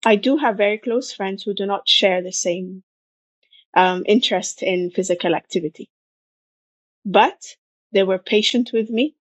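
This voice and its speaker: A woman guest in a conversational interview, talking in an animated way and driving points home with emphatic repetition. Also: medium pitch, unhurried, no room sound. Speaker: podcast guest, marathon runner.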